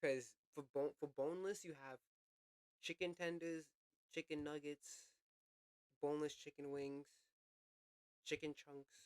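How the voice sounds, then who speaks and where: A man's voice: on the high side, little pitch movement, measured pace, long pauses, smooth, no room sound. Laughing young man reacting to clips. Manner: laughs a lot, swears freely, repeats lines. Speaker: reaction video host. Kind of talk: casual reaction commentary.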